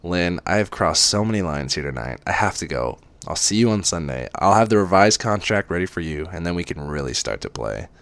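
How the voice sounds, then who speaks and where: A man voicing a controlling young man who talks softly and with quiet menace. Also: low voice, very animated, fairly quick, hardly any pauses, no echo, heavily acted. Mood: commanding. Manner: soft-spoken, menacing.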